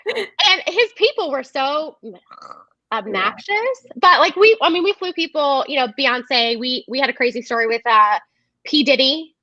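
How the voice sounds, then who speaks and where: Woman interview guest, high bright voice, animated storyteller, dry dull call audio. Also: a little slow. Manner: animated storyteller who acts out quoted dialogue. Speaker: podcast guest, direct sales coach. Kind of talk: casual interview chat.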